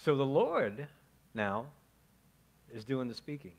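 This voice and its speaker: A man's voice: medium pitch, sing-song, slow, husky. A male pastor preaching a conversational sermon, often checking in with "okay?" and asking the congregation questions. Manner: chatty, asks the congregation questions, frequent "okay?".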